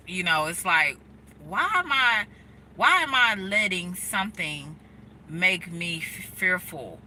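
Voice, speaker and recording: A woman's voice: on the low side, pushed and bright, slight background noise, rough recording. An outspoken woman, chatting to her livestream viewers while she drives. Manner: outspoken, emphatic, talks to her chat. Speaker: livestream host. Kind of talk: casual motivational livestream chat. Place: inside a car while driving.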